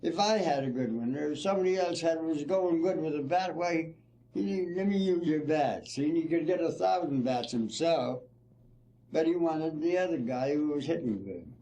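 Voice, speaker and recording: A man's voice: on the high side, lively intonation, moderate pace, dark tone. An older man, a former ball player, telling folksy stories in an interview. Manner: folksy storytelling, "see?" and "you know". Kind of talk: reminiscing interview.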